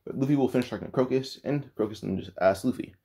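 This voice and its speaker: A man's voice: mid-range voice, quick pace, gravelly, dark tone. A man casually retelling an anime fan story, rambling with lots of "like" and frequent restarts.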